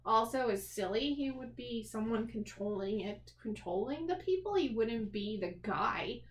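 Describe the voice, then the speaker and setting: A woman with a high voice gives her take in a casual review chat, blunt and quick to dismiss. She circles back to the same complaints. The sound is echoey, as if from a bare room. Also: lively intonation. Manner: blunt, dismissive, repeats herself. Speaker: podcast co-host, film reviewer.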